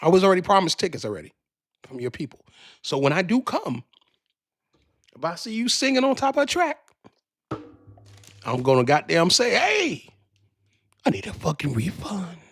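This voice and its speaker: A podcast host rants in a loose, profane, rambling way, tripping over his own restarts. His voice has a gravelly rasp and swings widely up and down. The studio microphone sounds dry and close. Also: sits high, very animated, moderate pace, pauses often, fairly bright tone, dry recording. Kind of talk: casual rant.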